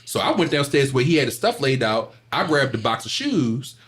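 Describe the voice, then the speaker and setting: A young adult man co-hosting a podcast, telling a story in casual chat and acting out the voices of the people in it. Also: normal speed. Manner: animated storyteller, acts out voices with big pitch jumps. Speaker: podcast co-host.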